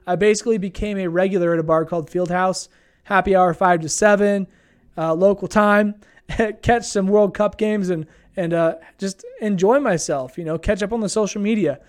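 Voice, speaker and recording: High-voiced rambling young man. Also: normal speed. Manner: rambling, laid-back, many fillers. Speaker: vlogger. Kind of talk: casual travel storytelling.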